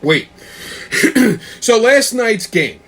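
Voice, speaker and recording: A man in a furious, profanity-laden rant, punching each point with a challenging "okay?". His voice sits high for a man and comes across bright and sharp. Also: big pitch swings, drawn-out words. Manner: angry, swearing constantly, repeating "okay?". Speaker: show host.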